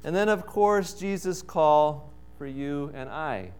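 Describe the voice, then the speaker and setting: A man preaching a sermon with slow, emphatic delivery and dramatic pauses. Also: a little high, smooth. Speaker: pastor.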